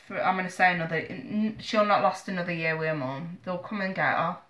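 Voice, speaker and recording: Bright-voiced woman, echoey room. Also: lowish voice, steady tone, fairly quick, slight background noise. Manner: earnest, emotional, addresses viewer directly. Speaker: tarot reader. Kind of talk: live tarot reading to viewers. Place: home.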